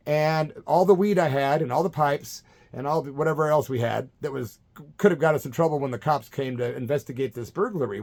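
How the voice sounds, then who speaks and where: A middle-aged man telling a story from his youth in a casual, animated way, acting out other people's lines. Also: medium pitch. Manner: animated, acts out quoted voices, swears casually. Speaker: punk vocalist telling a story.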